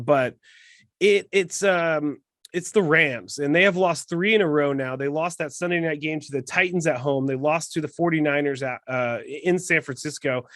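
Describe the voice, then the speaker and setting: A man hosting a casual sports podcast, chatty and quick to joke at his own expense. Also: a little high, a bit bright, no room sound, clean studio sound. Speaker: podcast host.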